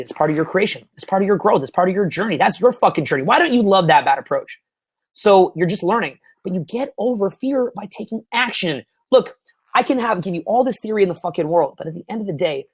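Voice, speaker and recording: A young Canadian man coaching on dating in a profane, excitable way, swinging from mumbled asides to loud bursts. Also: high-pitched, breathy edge, no room sound. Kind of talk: webinar Q&A.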